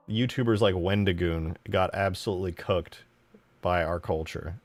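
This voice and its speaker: A man's voice: low-pitched, moderate pace, soft background music. A young man casually streaming while modding a game map, rambling and swearing in slangy talk.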